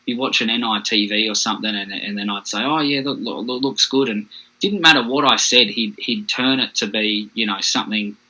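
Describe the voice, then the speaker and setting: Frank Australian man with a husky edge. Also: on the low side, bright, forceful tone, rough recording. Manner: frank, plain-spoken, halting at hard moments. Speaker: podcast guest. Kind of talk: candid personal storytelling.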